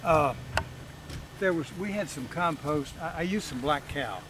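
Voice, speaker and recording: A man showing his garden in casual chat, talking haltingly with many fillers. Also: fairly high pitch, animated. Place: outdoor backyard garden. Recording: distant outdoor mic with loud wind noise.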